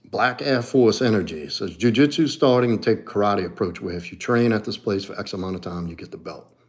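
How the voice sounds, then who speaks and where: Blunt, profane New Orleans man. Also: fairly quick. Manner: blunt and profane, swings between low mutters and animated outbursts. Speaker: livestream host and martial arts coach. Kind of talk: casual livestream chat reading comments.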